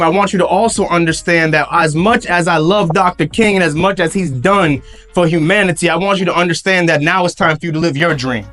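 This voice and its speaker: At a school event with a live audience, a motivational speaker in his thirties hypes up students with call-and-response and plenty of "y'all." His voice is high and fairly bright.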